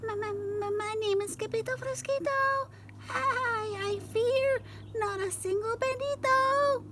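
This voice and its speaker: A squeaky, excitable little boy kitten who fancies himself a Chihuahua sword fighter, as a woman reading a storybook puts him on. He pitches way up high and bounces through his lines with eager energy. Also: normal speed, slight background noise, lightly acted. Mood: timid. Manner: squeaky, excitable, rolled Spanish words. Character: playful boy Siamese kitten posing as a Chihuahua.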